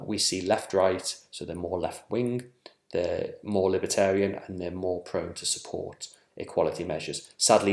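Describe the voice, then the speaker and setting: Low-voiced man giving an academic talk. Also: creaky, darkish tone, echoey room. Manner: measured, with frequent ums and self-corrections. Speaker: academic researcher presenting. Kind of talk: conference presentation.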